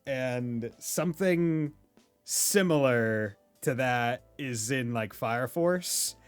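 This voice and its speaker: A man's voice: mid-range voice, lively intonation, very slow, smooth, no room sound. A young man hosting a game playthrough, joking around, laughing a lot and using casual slang. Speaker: let's play host. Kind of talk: gameplay commentary. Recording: dry close mic with faint game music.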